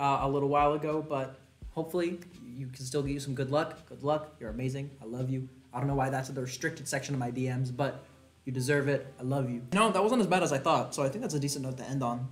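A man casually reading fan messages on a vlog, animated and jokey, laughing and swearing often. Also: mid-range voice, quick pace. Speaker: content creator.

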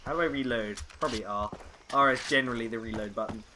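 A man's voice: mid-range voice, quick pace, background noise. A young man casually commenting on a game, sarcastic and chatty, often exasperated. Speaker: let's play gamer. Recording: game music loud behind voice.

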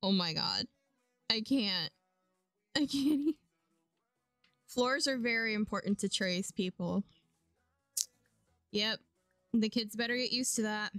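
A young woman streaming a life-sim game, chatting casually and getting excited and squealy at times. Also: on the high side, takes it slowly, long pauses, dry recording, clean studio sound, faint music behind. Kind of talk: casual gameplay commentary.

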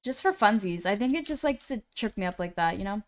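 A woman's voice: mid-range voice, animated, quick pace. A woman live-streaming a game, chatting casually to her viewers in a rambling, self-deprecating way into a computer mic.

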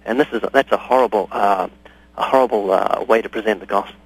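A man's voice: on the low side, fast, husky, poor audio. A man speaking as a guest on a radio interview, explaining his views by telling stories and acting out both sides of conversations. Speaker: guest evangelist. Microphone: studio or phone radio interview.

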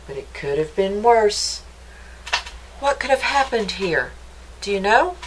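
A woman reading a picture book aloud to children for a library storytime, stopping often to ask them gentle, playful questions. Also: medium pitch, big pitch swings, a little slow, noisy background.

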